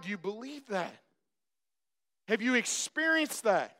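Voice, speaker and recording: High-voiced, bright preaching man. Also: expressive, a little slow. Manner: emphatic, repeats phrases, addresses congregation directly. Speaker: pastor. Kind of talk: sermon.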